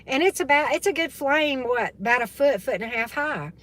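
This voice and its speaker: A woman's voice: high voice, expressive, fairly quick, fairly bright tone. A woman chatting casually with her livestream viewers as a tarot reader and spiritual coach, often tagging on "right?" and "okay?".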